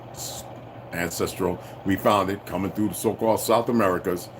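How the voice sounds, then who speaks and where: A man ranting to his viewers in a profane, confrontational way, swinging between shouting and low muttering. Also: a little hiss or hum. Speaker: channel host. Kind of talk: unscripted rant to viewers.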